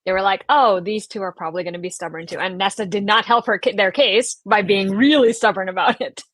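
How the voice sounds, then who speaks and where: A woman in casual live book chat, talking fast and acting out characters' lines with a laugh. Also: mid-range voice, dry recording. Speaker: book discussion panelist.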